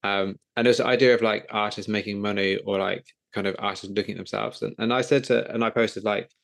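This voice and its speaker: A man's voice: lowish voice, steady tone, brisk, creaky, fairly bright tone. A man hosting an interview podcast, chatting casually in rambling, self-correcting runs. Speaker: podcast host.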